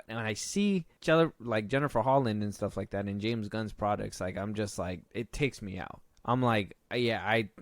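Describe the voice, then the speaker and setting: A man's voice: on the low side, no echo, clean studio sound. A man co-hosting a podcast, talking through a film review in a blunt, rambling, casual way and swearing freely. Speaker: podcast co-host.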